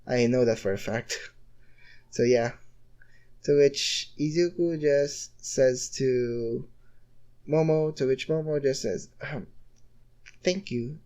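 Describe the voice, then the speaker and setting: A man narrating a homemade fan story off the cuff, rambling and restarting his sentences. He keeps reaching for the same filler word, at an ordinary middle pitch. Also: takes it slowly, pauses often, dark tone. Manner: rambling, repeats "essentially" constantly.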